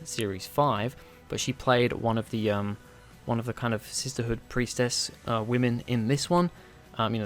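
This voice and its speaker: Enthusiastic guy rambling through an episode review, mid-pitch voice, faint music under him. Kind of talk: casual video review.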